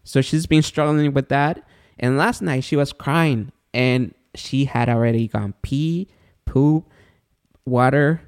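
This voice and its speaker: A man co-hosting a podcast in casual chat, an animated storyteller who acts out the voices of people in his stories. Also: mid-range voice, slow, clean tone. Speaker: podcast co-host.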